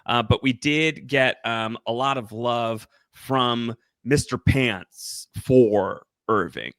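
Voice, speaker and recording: Man on a podcast, bright tone, mid pitch, dry close mic, reading listener notes. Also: takes it slowly, no echo. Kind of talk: casual podcast chat.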